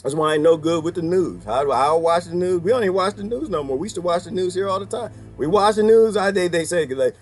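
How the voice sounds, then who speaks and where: A man ranting casually to his viewers, animated and laughing often as he answers their comments. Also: high voice, fairly quick, faint music behind. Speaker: channel host talking to viewers. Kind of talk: casual livestream rant.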